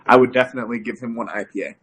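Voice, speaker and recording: Bright-voiced wry male co-host. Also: medium pitch, very fast, slightly rough. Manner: wry, joking, deadpan quips. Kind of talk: casual bar-talk banter.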